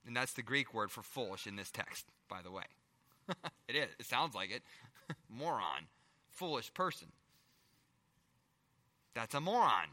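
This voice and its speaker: A middle-aged male pastor preaching a sermon, firing rhetorical questions and swinging between loud emphasis and hushed asides. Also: mid-range voice, very animated, unhurried, pauses often, big-room sound.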